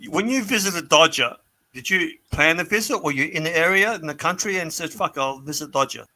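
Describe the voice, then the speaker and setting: A man with a very bright, tense voice trades teasing jokes in loose group chat. His pitch sits a little high. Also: lively intonation, fairly quick. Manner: teasing, joking. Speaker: show regular.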